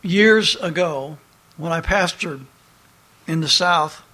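A man preaching a sermon as pastor, reading scripture in slow, emphatic phrases. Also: a little high, sharp tone.

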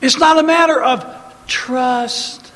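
A high-voiced man preaches with fiery emphasis, hammering repeated phrases and quoting scripture. His voice rings with a long reverb, as if in a big hall. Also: slow, noisy background. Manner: preaching with rising emphatic bursts and scripture quotes. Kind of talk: sermon.

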